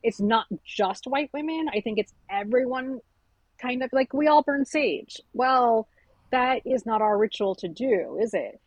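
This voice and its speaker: Candid, animated woman author storyteller. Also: fairly high pitch, unhurried, no echo, lo-fi sound. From South Asian family. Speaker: author being interviewed. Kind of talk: conversational interview.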